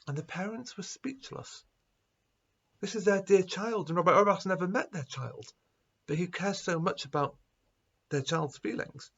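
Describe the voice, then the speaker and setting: Animated rabbi telling a story. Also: male voice, sits high, normal speed, gravelly, slightly rough, highs cut off. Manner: animated storyteller, acting out quoted voices. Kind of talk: school assembly talk, storytelling.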